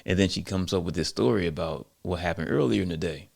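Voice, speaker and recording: Deep gravelly man telling a story. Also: fast, a little mellow. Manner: conversational, with many fillers. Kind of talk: casual storytelling.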